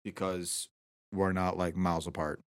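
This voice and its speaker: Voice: sits low, flat delivery, moderate pace. A podcast host chatting casually, upbeat and teasing. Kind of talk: casual chat.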